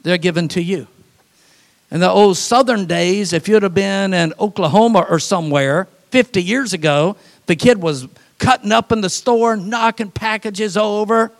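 A man preaching a sermon, telling folksy, humorous stories and laughing at them, swinging from animated to quiet and soft for emphasis. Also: sits high, moderate pace. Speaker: pastor.

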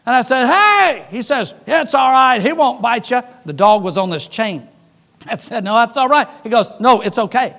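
High-voiced man preaching with lively stories. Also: normal speed, gravelly. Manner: animated storyteller, jokes, acts out dialogue. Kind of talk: sermon with storytelling.

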